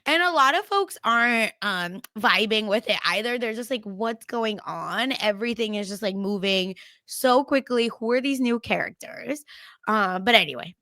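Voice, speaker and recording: A young woman from India, co-hosting a podcast in a casual chat, animated and laughing as she acts out family quotes. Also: on the high side, moderate pace, no room sound, studio quality. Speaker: podcast co-host.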